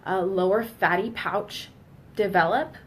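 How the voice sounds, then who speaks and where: A woman's voice: mid-range voice, a little slow. A woman in her thirties talking candidly in a casual personal vlog, emphatic and blunt, now and then swearing. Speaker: vlogger.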